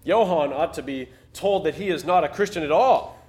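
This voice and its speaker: A man's voice: mid-range voice, normal speed, natural voice. A man reading aloud the thoughts of a proud, self-righteous young pastor. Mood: indignant.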